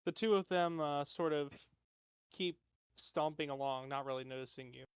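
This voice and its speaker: Guy game master, stop-start narration, kinda high voice, dry sound. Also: smooth, no echo. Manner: halting narration with fillers.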